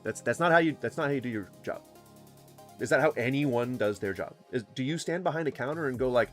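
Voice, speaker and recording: A man's voice: medium pitch, a little fast, soft background music. A man giving casual, joking reaction commentary on a video, often breaking into mocking imitations. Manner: animated, joking, mocks and imitates others.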